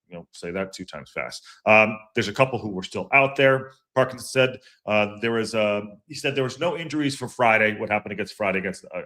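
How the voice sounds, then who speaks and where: This relaxed livestream chat comes from a man hosting a fan podcast, his voice pitched a little low. Rambling and repetitive, he leans heavily on fillers, restarts his thoughts, and names chat viewers as he greets them.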